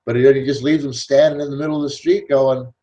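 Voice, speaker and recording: A man hosting a network marketing podcast, talking in an animated, persuasive casual monologue. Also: mid-range voice, quick pace, low-quality recording. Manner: animated, persuasive, acts out scenes.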